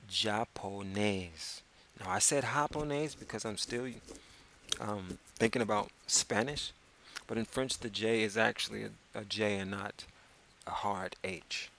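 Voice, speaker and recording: Slow, bright-voiced man teaching French. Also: lowish voice, a little hiss or hum. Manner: slow, spells words out letter by letter, drawn-out repetitions. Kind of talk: casual language lesson. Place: public access TV studio.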